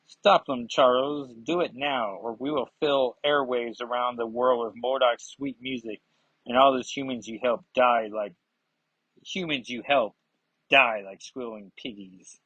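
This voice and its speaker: A man's voice: mid-range voice, steady tone, measured pace, a bit bright, slightly rough, dry recording, highs cut off. A man voicing a ruthless, scheming woman villain, reading her lines in a taunting, threatening way with a stab at a Scottish lilt. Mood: menacing.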